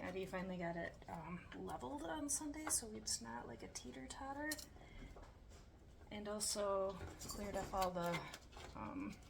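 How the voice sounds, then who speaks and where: A DIY vlogger walks her viewers through a home repair step by step, thinking out loud and tossing in jokey asides. Her medium-pitched voice is recorded off-mic and distant in her echoey home entryway, with background noise.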